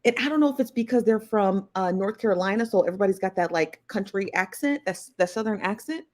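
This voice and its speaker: A woman hosting a live stream in a relaxed, chatty way, greeting viewers and laughing easily. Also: mid-range voice, fast. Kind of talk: casual live stream chat.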